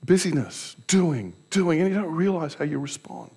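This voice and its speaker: Here a man preaches in a slightly high voice with lively intonation, a dark tone, and a breathy edge, speaking at normal speed. In his sermon the pastor is candid and self-deprecating, sharing personal anecdotes and asking rhetorical questions of those listening.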